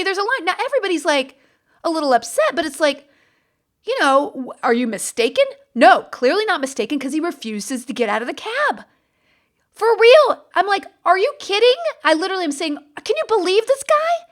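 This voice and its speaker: Chatty podcast lady, swoops up and down a lot, lots of ums and restarts. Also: high-pitched. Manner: animated, chatty, with many fillers and restarts. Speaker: podcast host. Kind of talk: casual storytelling monologue.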